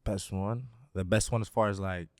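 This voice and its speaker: A young man in his twenties from Greece, speaking with an American accent as a guest in a casual interview, laid-back and filling pauses with "um" and "like". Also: low voice, fairly even intonation, no echo, clean studio sound. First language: Greek. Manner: laid-back, many fillers like "um" and "like". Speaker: guest, basketball player.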